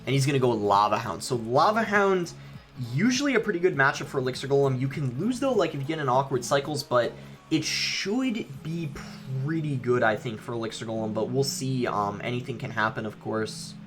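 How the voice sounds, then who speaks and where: A young man talks through his gameplay in a relaxed, offhand way. His voice sits at an ordinary middle pitch, and he fills pauses with ums as he thinks aloud. Soft background music plays underneath. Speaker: gaming YouTuber. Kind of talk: live gameplay commentary.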